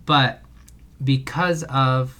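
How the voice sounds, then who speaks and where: A man of middle pitch talks alone on his podcast in a loose, unscripted way. He rambles, corrects himself and laughs at his own mistakes now and then. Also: steady tone, drawn-out words, fairly bright tone. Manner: rambling, self-deprecating, laughs often. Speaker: parenting podcast host. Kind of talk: casual solo podcast monologue.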